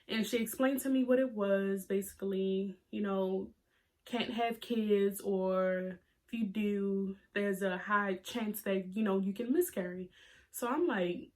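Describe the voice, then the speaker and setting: Young female vlogger in her twenties, mid-pitched, confessional and tearful, full of fillers. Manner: emotional, holding back tears; halting, many fillers and restarts. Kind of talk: personal story to camera.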